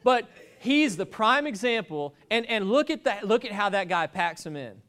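High-voiced man preaching, rambling and jokey. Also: big pitch swings, normal speed, a bit bright. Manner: rambling, jokey storytelling with many restarts. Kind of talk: sermon.

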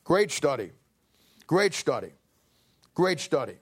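A man's voice: fairly high pitch, sing-song, slow, breathy edge. A man preaching a sermon, animatedly acting out a biblical figure's complaints. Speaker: pastor.

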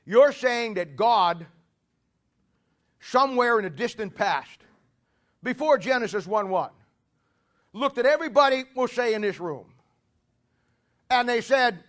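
A man preaching in a very high voice. He talks in a folksy, conversational way, jokes with his congregation and breaks into emphatic shouts to press a point. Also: expressive, unhurried, pauses often. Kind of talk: sermon.

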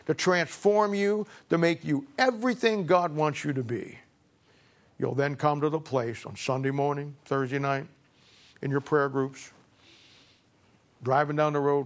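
Folksy storytelling male preacher. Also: fairly high pitch. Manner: folksy storytelling, repeating words as he goes. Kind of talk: sermon with a told story.

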